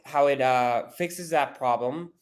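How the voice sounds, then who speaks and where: A man's voice: medium pitch, slow. Laid-back man hosting, hesitant. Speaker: podcast host. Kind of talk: casual interview chat.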